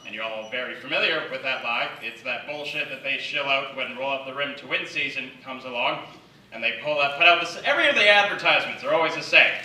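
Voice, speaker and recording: A man from the Yukon doing a conversational, self-deprecating stand-up set on a theatre stage, slipping into quick acted quotes. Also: mid-range voice, pushed and bright, a little hiss or hum. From Yukon, Canada. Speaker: stand-up comedian. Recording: echoey theatre, mic at a distance.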